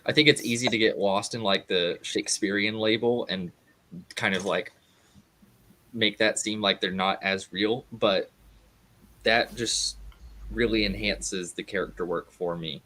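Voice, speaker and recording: Bright-voiced man talking books. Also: fairly low pitch, steady tone, a little slow. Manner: earnest, many "like" fillers. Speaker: guest. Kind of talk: casual book discussion.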